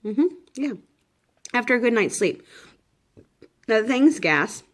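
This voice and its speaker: A woman's voice: on the high side, very animated, slow. A woman in her thirties talking casually to the camera in a pregnancy update vlog, rambling with many fillers and restarts, tired and a little shaky. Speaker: vlogger.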